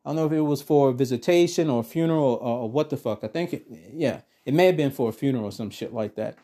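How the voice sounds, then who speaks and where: Profane, ranting man with a mellow voice. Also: mid-range voice, fast talker. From Texas. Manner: blunt, heavily profane, animated ranting. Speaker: podcast host. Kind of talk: profane political rant and storytelling.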